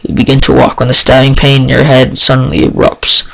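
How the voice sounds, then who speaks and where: A man's voice: medium pitch, monotone, a little fast, vocal fry, a bit bright, breathy edge, low-quality recording. A man reading fan fiction aloud, stumbling and restarting over words. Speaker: story reader.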